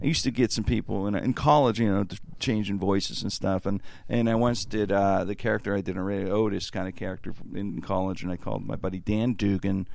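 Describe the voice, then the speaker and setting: A man's voice: fairly low pitch, steady tone, a little fast, creaky, hardly any pauses, darkish tone. A man hosting a casual chat, telling a story and laughing while he acts out voices.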